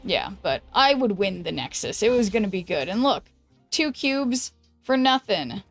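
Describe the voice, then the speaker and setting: Slow, chatty woman streamer. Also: mid-range voice, very animated, soft background music. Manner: chatty, thinking aloud, greets viewers. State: losing her voice. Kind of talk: casual gameplay commentary.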